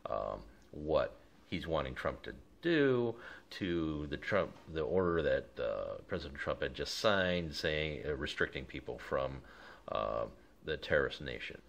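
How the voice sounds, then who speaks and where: A man with a very low voice that still rises and falls a lot as he talks. He gives casual commentary, reading passages aloud and stopping to explain them, with fillers and restarts along the way. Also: very animated, unhurried, creaky, fairly bright tone. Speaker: political commentary vlogger. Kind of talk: commentary reading out quoted transcripts.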